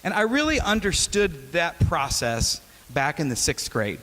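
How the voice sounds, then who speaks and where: A man's voice: on the high side, a little slow. A man in his forties from Wisconsin, giving a casual, joking sermon as a guest speaker and telling stories. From Wisconsin, USA. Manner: joking, conversational, animated storyteller. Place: chapel hall. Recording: long reverb of a large hall.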